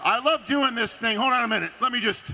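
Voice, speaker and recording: Man emceeing on stage, high and bright. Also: fast, vocal fry, roomy sound. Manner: playful, teasing, projecting to a crowd. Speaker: event emcee. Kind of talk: stage emcee speech with jokes. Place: large auditorium. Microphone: stage microphone over PA. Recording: noisy auditorium PA recording.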